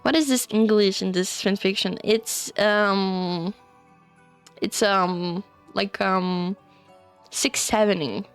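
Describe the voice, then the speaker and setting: A woman's voice: medium pitch, steady tone, slow, smooth, soft background music. A woman streamer casually reading fanfiction aloud to her chat, giggling and rambling with many fillers.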